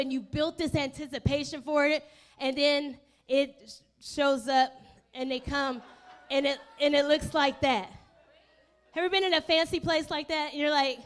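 High-voiced woman pastor, playful. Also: fairly even intonation, moderate pace. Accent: African-American English. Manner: playful, chatty with the congregation, acts out inner voices. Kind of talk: casual, humorous sermon. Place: church sanctuary.

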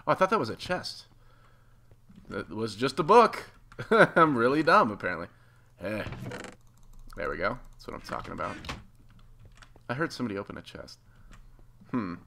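Young male gaming host, bright voice, lively pitch, faint keyboard clicks behind. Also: vocal fry, slight background noise. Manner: excitable, jokey, self-mocking. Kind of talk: casual gameplay commentary.

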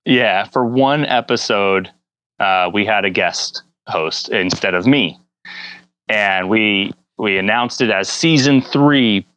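Slow, easygoing man as podcast guest. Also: lowish voice, dry recording. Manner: relaxed, easygoing, halting explanations. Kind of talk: casual podcast chat.

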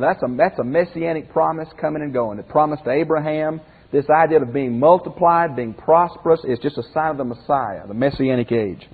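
Husky man teaching Bible class. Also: medium pitch, brisk. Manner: conversational, asks class questions, restarts phrases. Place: classroom or church hall with a group. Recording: phone-like lo-fi audio in a reverberant hall.

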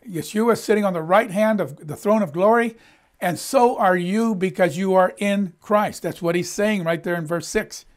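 A man's voice: high voice, normal speed. A middle-aged male pastor preaching a sermon in an emphatic, conversational way.

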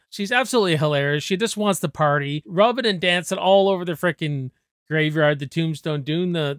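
A man in his forties chats enthusiastically about movies, swearing freely in a relaxed, casual way. His voice is smooth and clear, sits a little high for a man, and is recorded close and dry. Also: dry recording. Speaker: movie review host.

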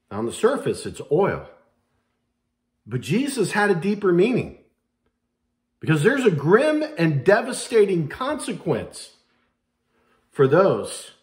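A man preaching a sermon as pastor, dramatic and acting out quoted voices. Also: on the high side.

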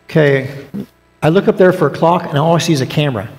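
A man's voice: a little high, fast, a little mellow, a little hiss or hum. A man teaching a Bible class in a church auditorium, conversational, with joking asides, reading scripture aloud. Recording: long reverb of a church auditorium.

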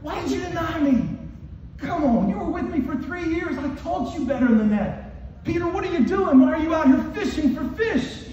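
A man voicing an exasperated teacher scolding his disciples in a high, incredulous tone. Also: animated, moderate pace, darkish tone, a little hiss or hum. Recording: echoey hall from far off, dull.

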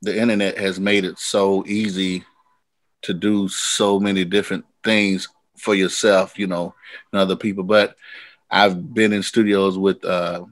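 A man who is a singer-songwriter guest, telling animated, rambling stories in a casual interview. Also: low-pitched, unhurried, dry recording. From United States.

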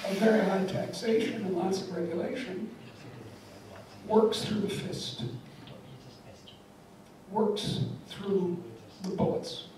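Speaking slowly and pausing often, an older guest lecturer keeps a steady, medium-pitched tone while delivering wry, emphatic stories and jokes to a crowd. The lecture hall audio is distant and full of echo.

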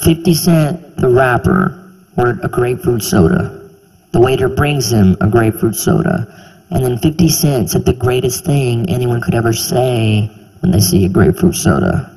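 A man in his twenties performing a stand-up comedy routine, animated and incredulous, sometimes bursting into shouts, on a handheld mic on a theater stage. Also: medium pitch, moderate pace, husky. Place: theater stage before a live audience. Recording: reverberant live hall, faint ambience.

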